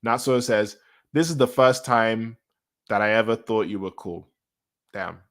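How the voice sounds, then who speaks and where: A man's voice: fairly low pitch, moderate pace. Man reacting casually while reading a comic aloud. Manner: reads lines aloud then reacts, repeating himself excitedly. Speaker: manga reaction host.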